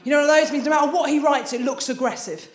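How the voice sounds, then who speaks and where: A woman's voice: high voice, steady tone, fast talker, reverberant. A woman doing a chatty, self-deprecating stand-up set on a theatre stage, with lots of filler restarts. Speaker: stand-up comedian. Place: theatre stage before an audience.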